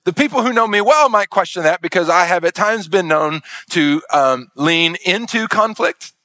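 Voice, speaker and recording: A middle-aged male pastor delivers a lively sermon in a high, bright voice. He preaches with animation, slipping into acted-out voices that swing up and down. The sound is close and dry. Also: normal speed, no echo.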